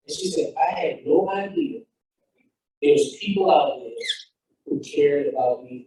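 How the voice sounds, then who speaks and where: Fired up guy telling his story on stage, mellow voice, big echoey hall, kinda far from the mic. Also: fairly high pitch, animated, unhurried. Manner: fired up, storytelling with quoted dialogue. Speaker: founder and speaker. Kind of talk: motivational talk.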